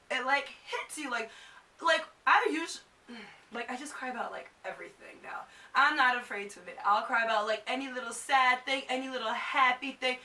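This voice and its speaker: Woman, twenties, high bright voice, echoey room, slightly off mic, chatty vlog. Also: distant mic, slight background noise. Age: 20s. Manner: chatty, fills with "like". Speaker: vlogger. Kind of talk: casual chat to camera.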